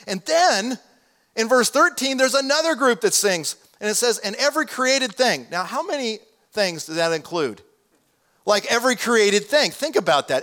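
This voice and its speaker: High-voiced male preacher, conversational. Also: expressive, moderate pace. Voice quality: damaged hearing, says so. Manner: conversational preaching, swells loud on quoted scripture. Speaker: pastor. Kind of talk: sermon.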